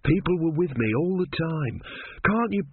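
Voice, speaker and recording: A man's voice: on the high side, animated, normal speed, husky, dry recording, voice pushed up. A man voicing a timid, earnest young novice monk who speaks meekly and anxiously. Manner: meek, anxious, pleading. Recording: tinny phone-like, dry.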